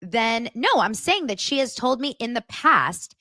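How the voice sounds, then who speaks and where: A woman with a voice on the high side recaps reality TV at an unhurried pace on her gossip show. She gets animated, speaks bluntly, swears freely, and acts out quotes in voices, all in clean studio sound with no room sound.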